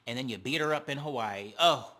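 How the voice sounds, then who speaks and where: A man hosting a reality TV recap, talking in a sassy, animated, slangy way. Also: mid-range voice, fairly quick. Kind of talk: casual commentary.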